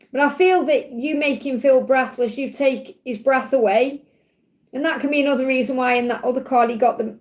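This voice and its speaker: A woman with a high voice gives a live card reading to her viewers. She talks in a chatty, rambling way and calls them sweet names as she goes. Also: a little mellow. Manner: chatty and affectionate, addresses viewers with endearments; rambling, with frequent fillers and asides. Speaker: tarot card reader.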